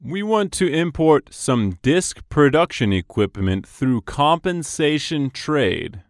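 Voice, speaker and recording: A man reading scripted business dialogues for English practice, slow and carefully enunciated. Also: a little high, very animated, no echo, studio quality.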